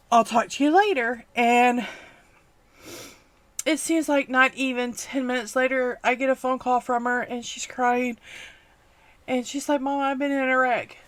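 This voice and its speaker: A middle-aged woman, hosting a crafting vlog, talking tearfully with many pauses and fillers. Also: fairly high pitch, fairly bright tone, no echo. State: near tears. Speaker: crafting channel host. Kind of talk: emotional personal vlog.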